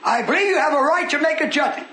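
An older man preaching a sermon in a folksy way that rises into shouted fervor. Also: extremely high pitch, lively intonation, fast, slight background noise. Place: church meeting hall. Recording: echoey room with congregation.

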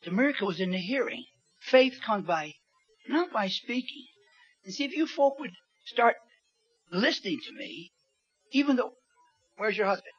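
A man preaching a sermon, emphatic and repetitive, swinging from loud to soft. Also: high-pitched, animated, moderate pace, long pauses, husky. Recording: dull lo-fi sermon recording with faint music.

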